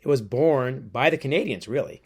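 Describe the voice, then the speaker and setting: A man, an author interviewed as a guest, telling stories in a lively way and acting out quotes. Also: mid-range voice, normal speed, slightly rough. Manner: lively storyteller who acts out quotes. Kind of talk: storytelling interview.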